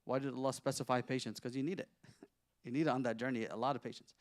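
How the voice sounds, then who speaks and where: This Quran lesson is interactive and conversational: a sheikh asks his listeners questions and quickly recites Arabic verses. His mid-range voice stays steady, recorded in studio quality without any room sound.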